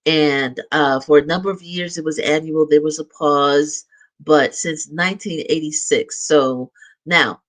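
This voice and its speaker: A middle-aged man hosts a live show, making announcements in a chatty, upbeat way with light laughs and restarts. His voice is fairly high and a bit bright, and the recording is rough.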